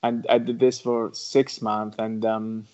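This man's voice is lowish and dark-toned, slow and flat in delivery. In an Arabic accent and broken English, he earnestly tells his story as a podcast guest, repeating phrases for emphasis, captured in dull lo-fi sound.

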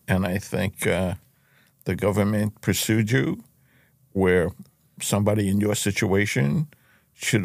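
Older man with a gravelly voice. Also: on the low side, dry recording, studio quality. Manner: giggly and playful, then earnest. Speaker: guest, host's father. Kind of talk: casual podcast interview. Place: podcast studio.

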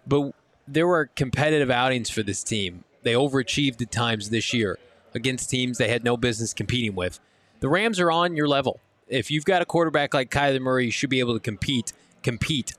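A man's voice: mid-range voice, a little fast, fairly bright tone. A man hosting a live postgame sports talk show, delivering an emphatic, ranting critique at a casino watch party.

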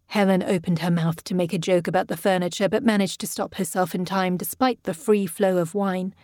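A woman's voice: fairly low pitch, fairly even intonation, a little fast, few pauses, darkish tone, no room sound, clean studio sound. Woman narrating a gothic audiobook. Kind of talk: scripted narration.

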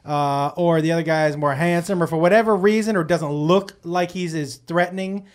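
A man's voice: a little high, normal speed, clear, resonant tone. A man hosting a casual studio chat, teasing and wisecracking with his co-hosts. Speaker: podcast host.

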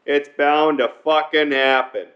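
A man's voice: a little high, steady tone, measured pace. A man in crude casual banter, profane and rambling, often restarting and repeating himself. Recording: dull lo-fi recording.

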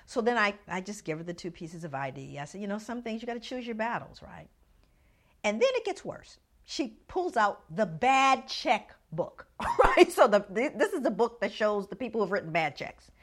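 A woman's voice: medium pitch, moderate pace. A middle-aged woman telling a personal story, acting out the voices of the people in it. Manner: animated storyteller acting out others' lines. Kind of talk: storytelling talk.

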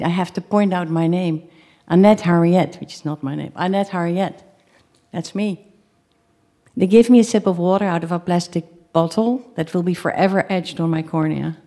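A woman telling a true first-person story to a live audience, halting at times, repeating and restarting phrases, and acting out her own pleas. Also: on the low side, dark tone.

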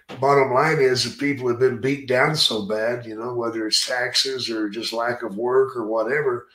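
A man's voice: mid-range voice, a bit bright. A man hosting a podcast in a casual interview, talking bluntly and swearing freely with strong opinions. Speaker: podcast host. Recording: roomy echo.

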